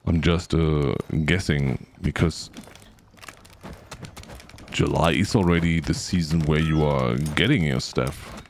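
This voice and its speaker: Slow, gravelly deep-voiced male streamer. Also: a little hiss or hum. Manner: chatty, talks to game characters, sings little sound effects. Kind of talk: casual gameplay commentary.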